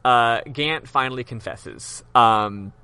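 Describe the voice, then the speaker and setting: A man's voice: medium pitch, slow pace, bright, forceful tone, smooth. A man hosting a podcast, casually retelling a game's story in loose, profane chat with lots of ums. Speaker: podcast host. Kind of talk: casual game recap chat.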